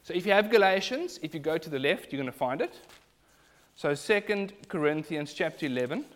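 A man's voice: fairly high pitch, animated, a little fast. A man preaching a sermon, emphatic and building in intensity.

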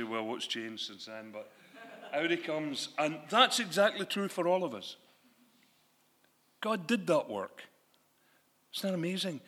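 A man preaching a sermon, animated and conversational, asking his listeners questions. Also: mid-range voice, breathy edge. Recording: long hall reverb.

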